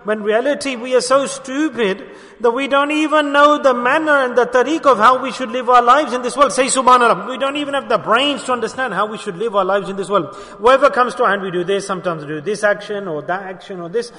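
A man's voice: very high-pitched, quick pace, pushed and bright. A man preaching a sermon, earnestly addressing listeners with rhetorical questions. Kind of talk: religious sermon. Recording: long hall reverb.

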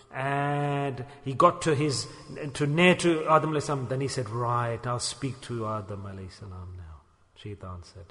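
Male preacher, high voice, dramatic storyteller who voices the characters, long reverb. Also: pushed and bright. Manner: storytelling, acts out quoted speech with sudden pitch and volume swings. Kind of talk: sermon.

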